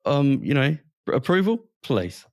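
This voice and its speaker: A man's voice: mid-range voice, big pitch swings, a little slow, darkish tone, dry recording. A man from Western Australia, co-hosting a casual podcast and ranting heatedly, with swearing. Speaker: podcast co-host.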